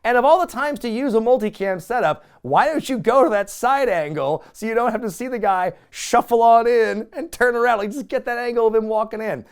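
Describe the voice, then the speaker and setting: A man hosting a podcast, recapping casually with incredulous, animated commentary and casual swearing. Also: very high voice, brisk, hardly any pauses, clean tone. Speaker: podcast host.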